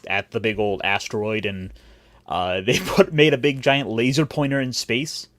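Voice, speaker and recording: This medium-pitched man speaks at a moderate pace with fairly even intonation and a slightly bright tone, recorded dry. He hosts a casual podcast, rambling and jokey, cutting himself off and starting over; he grew up in Cleveland and Puerto Rico.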